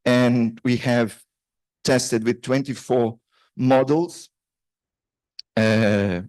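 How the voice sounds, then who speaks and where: A man's voice: medium pitch, fairly even intonation, extremely slow, a little mellow, no room sound. A man giving a conference paper talk, hesitant, with many restarts and fillers. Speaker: conference presenter. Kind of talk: academic paper presentation. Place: conference room.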